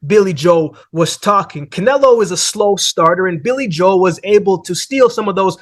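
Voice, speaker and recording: Male host with a higher voice, relaxed boxing commentary, chatty with frequent asides. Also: moderate pace. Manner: conversational, says "man" and "right?" often. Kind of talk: casual boxing breakdown.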